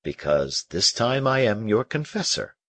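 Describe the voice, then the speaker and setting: Man voicing a probing husky confessor. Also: fairly low pitch, very animated, measured pace, a bit bright, pitched above the performer's own voice, heavily acted. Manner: probing, pressing questions. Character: probing, insistent male confessor. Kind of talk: audiobook character reading.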